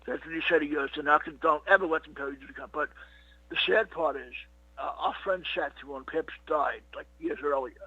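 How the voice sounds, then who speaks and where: Middle aged comedy guy rambling, pitched a bit high, bright sharp voice. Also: brisk, husky, no room sound. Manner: rambling, fills with "you know what" and "he goes". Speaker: comedian guest. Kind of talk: casual interview storytelling. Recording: dull lo-fi dry recording.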